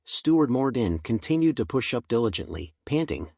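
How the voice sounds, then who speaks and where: A man's voice: medium pitch, animated, moderate pace, hardly any pauses, no room sound, clean studio sound. Man narrating a fantasy comic recap. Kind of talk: scripted story narration.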